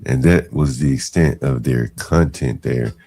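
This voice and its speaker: A man with an extremely deep voice, gravelly and husky, giving commentary on a live stream. He sounds mocking and incredulous, and his pitch swings widely as he talks. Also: a little slow, dark tone.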